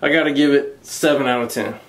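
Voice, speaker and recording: A man giving a casual, profanity-laden movie review, recounting the plot in a crude, mocking, animated way and laughing along. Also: medium pitch, fast talker.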